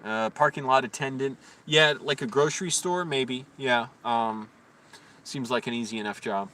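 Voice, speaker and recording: Ranting man on a distant, bright-toned mic. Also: mid-range voice, normal speed. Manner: profane, ranting, indignant. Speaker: live streamer. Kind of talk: casual live-stream storytelling. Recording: distant mic with faint background noise.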